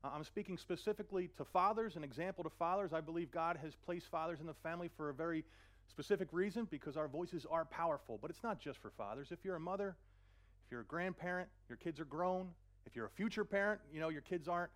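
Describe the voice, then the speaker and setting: Man preaching, fairly high voice, earnest, repeats words, slows down to quote scripture. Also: fairly bright tone. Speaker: pastor. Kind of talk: sermon.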